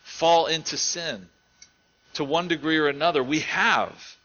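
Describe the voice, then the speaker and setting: Earnest bright-toned male preacher. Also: on the high side, measured pace, highs cut off. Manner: earnest, rises to emphatic and drops to quiet. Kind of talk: sermon.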